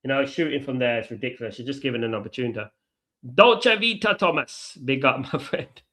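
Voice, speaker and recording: A man hosting a live football watchalong, chatty, reacting to play and giving shout-outs to viewers. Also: medium pitch, quick pace. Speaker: watchalong host.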